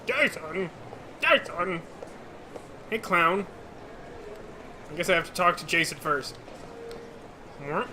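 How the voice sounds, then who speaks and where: A man's voice: fairly high pitch, unhurried, pauses often, sharp tone, a little hiss or hum. A man streaming a video game, joking and rambling to his viewers in casual commentary. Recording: game music playing behind.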